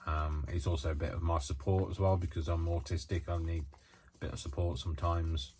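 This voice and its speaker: A man's voice: deep voice, fairly even intonation, a little fast, darkish tone, soft background music. A man chatting casually to the camera while he crafts, rambling and hesitant with lots of ums and restarts, and yawning now and then. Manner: yawns often while talking. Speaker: craft vlogger.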